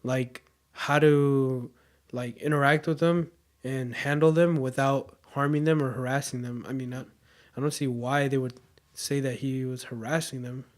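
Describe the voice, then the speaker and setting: A man's voice: mid-range voice, fairly even intonation, unhurried. A man co-hosting a casual chat, laid-back and slangy, often agreeing with his partner. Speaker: co-host.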